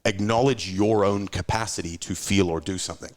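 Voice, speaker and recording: A man, a podcast guest talking business in a casual, animated way and acting out quoted voices. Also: deep voice, brisk.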